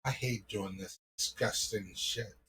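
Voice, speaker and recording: A man's voice: on the low side, measured pace, sharp tone, a little hiss or hum. A man voicing a cruel, domineering boy who gives cold commands.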